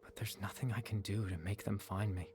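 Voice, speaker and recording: A man voicing a gentle young man who exists only in people's memories, explaining things in a calm, measured way in a game cutscene. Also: on the low side, lightly acted. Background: faint game music.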